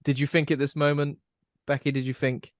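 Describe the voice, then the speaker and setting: A man's voice: a little high, little pitch movement, fairly quick, no echo, studio quality. A man hosting a podcast, chatting casually about a horror film and asking his co-hosts questions. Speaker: podcast host.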